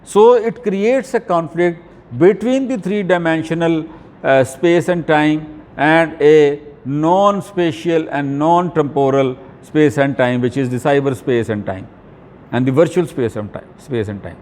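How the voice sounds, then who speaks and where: A man giving an academic video lecture, talking deliberately with frequent fillers and restarts. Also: a little high, a little mellow, big-room sound.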